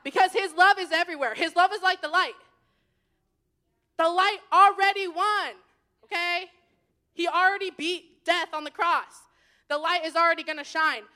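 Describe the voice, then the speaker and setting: A young woman leads a youth sermon in a bubbly, chatty way. Her voice sits high and bright, and she jumps between loud, excited bursts and hushed asides. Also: normal speed, pauses often. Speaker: youth leader.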